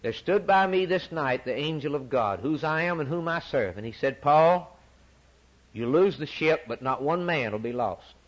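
A man preaching a sermon, repeating phrases for emphasis and swinging from loud declarations to near-whispers. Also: on the high side, lively intonation, normal speed. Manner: dramatic swings from loud to hushed, repetitive emphasis.

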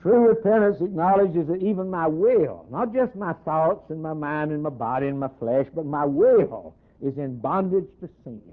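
A man preaching a sermon and quoting scripture in old-fashioned wording. His voice swells loud, then drops to a near hush. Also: a little high. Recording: tinny phone-like recording.

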